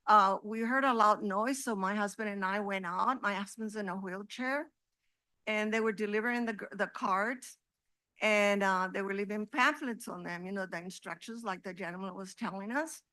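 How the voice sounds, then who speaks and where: A woman's voice: mid-range voice, normal speed, pushed and bright, no room sound. A woman making an indignant, rambling complaint during public comment at a city council meeting.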